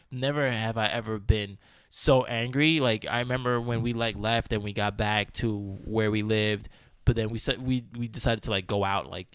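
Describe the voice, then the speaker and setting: A man hosting a podcast, telling a story in casual chat, animated, full of "like" and swearing freely. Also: on the low side, clean tone, dry recording. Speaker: podcast host.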